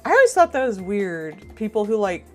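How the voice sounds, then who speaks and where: A woman's voice: mid-range voice, big pitch swings, normal speed, darkish tone. A young woman chats loosely on a livestream, piling up fillers and swearing without a second thought. She laughs easily and wanders from one thought to the next, with faint music under her voice. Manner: rambling, filler-heavy, swears freely, laughs often. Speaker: artist streaming for supporters. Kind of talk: casual chat on a stream.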